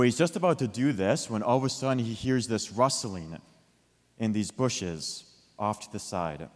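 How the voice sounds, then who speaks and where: A man telling a children's story with a lesson, lively and asking his listeners questions. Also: lowish voice. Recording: long hall reverb.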